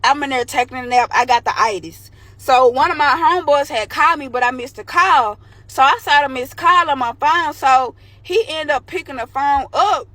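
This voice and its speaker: Young woman, slangy candid storyteller, slightly high voice. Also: normal speed, hardly any pauses, fairly bright tone, no echo. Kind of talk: storytime vlog.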